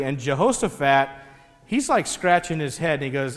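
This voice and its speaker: A man giving a sermon in an animated, conversational storytelling way. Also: a little high, moderate pace, long reverb tail, faint music behind. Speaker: pastor.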